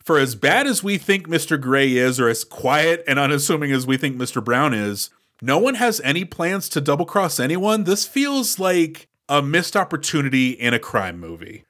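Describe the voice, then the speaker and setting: A man's voice: a little high, big pitch swings, moderate pace, hardly any pauses, fairly bright tone. A man co-hosting a podcast in casual chat, analyzing a film's plot in a chatty way. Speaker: podcast co-host.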